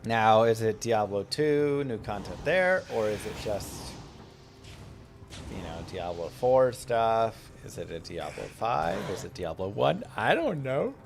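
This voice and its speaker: A man in his thirties casually commenting on his game for viewers, guiding them step by step in a relaxed way. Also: fairly low pitch, a little slow, gravelly. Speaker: game streamer. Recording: game music playing behind. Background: game music.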